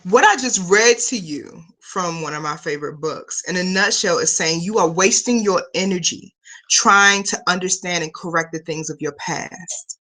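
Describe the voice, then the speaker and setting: A woman hosting a live online spiritual talk from a room full of books, speaking slowly and with emphasis as she guides listeners through breathing and affirmations. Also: lowish voice, bright, forceful tone. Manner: slow, deliberate, emphatic coaching delivery. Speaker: spiritual teacher and host. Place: home room lined with bookshelves.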